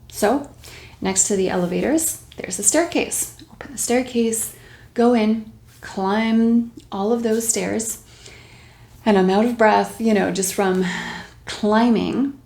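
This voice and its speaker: A woman's voice: mid-range voice, measured pace. A young woman casually telling a personal story to camera, acting out her own thoughts in quotes and laughing lightly now and then. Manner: animated retelling with quoted inner thoughts and breathy laughs. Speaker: video host sharing a personal story. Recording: roomy echo.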